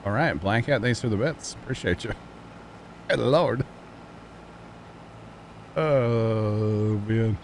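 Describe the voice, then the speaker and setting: A man livestreaming a farming game, chatting casually with viewers and teammates, thanking them between quick exclamations. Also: lowish voice, a little hiss or hum. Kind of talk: casual gaming livestream chat.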